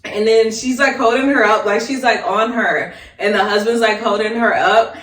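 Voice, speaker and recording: A woman's voice: fairly high pitch, fairly even intonation, normal speed, fairly bright tone. A woman who works as a nurse, telling workplace stories in a casual chat, laughing often and swearing freely. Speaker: nurse, podcast co-host. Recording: echoey room, distant mic.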